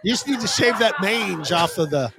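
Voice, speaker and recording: A man's voice: high-pitched, lively intonation, normal speed, gravelly, crowd noise. A man co-hosting a podcast, trading crude teasing jokes in casual banter. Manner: teasing, joking, puts on a mock Australian accent at times. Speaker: podcast co-host.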